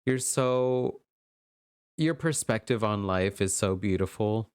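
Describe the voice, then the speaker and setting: A man giving a gentle, affirming pick-a-card tarot reading, tearful and emotional as he talks. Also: lowish voice, slow, clean tone, dry recording, studio quality. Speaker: tarot reader.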